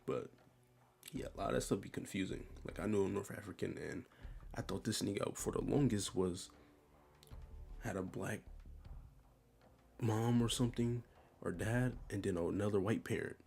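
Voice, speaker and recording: Low gravelly young man, slangy and offhand. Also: normal speed, pauses often, darkish tone. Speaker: commentator ranking a tier list. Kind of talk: casual commentary.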